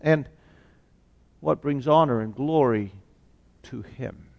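A man preaching a sermon as pastor, slow and deliberate, asking rhetorical questions. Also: medium pitch, vocal fry, muffled recording. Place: church sanctuary. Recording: long church reverb.

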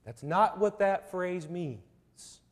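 A man preaching a sermon, slow and emphatic, with repeated rhetorical questions. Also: high voice, lively intonation, in a large hall.

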